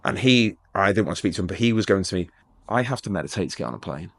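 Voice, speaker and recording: A middle-aged man from England with a deep, low voice tells his story at a rapid clip. He rambles, restarts his sentences, and drops jokes into serious moments. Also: lively intonation, slightly rough. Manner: rambling, self-interrupting, joking. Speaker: guest. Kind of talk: storytelling interview.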